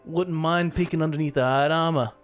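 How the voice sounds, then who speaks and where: A man's voice: on the high side, fairly even intonation, faint music behind, natural voice. A man voicing a crude, leering male goblin in a tabletop game. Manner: leering, drawn-out.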